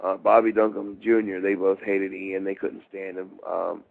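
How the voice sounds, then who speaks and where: A middle-aged man from Baltimore with a low, gravelly voice tells wandering wrestling-road stories. He is full of restarts and fillers. The sound is thin and phone-like. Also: little pitch movement, normal speed. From Baltimore, USA. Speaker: interview guest, former wrestler. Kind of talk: rambling shoot interview storytelling. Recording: phone-like interview line.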